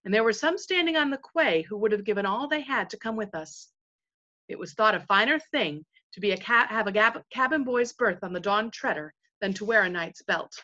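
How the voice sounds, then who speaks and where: A woman's voice: mid-range voice, lively intonation, brisk, sharp tone, lo-fi sound. A woman voicing a male sailor who speaks earnestly and bluntly to the crew. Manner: earnest and plain-spoken.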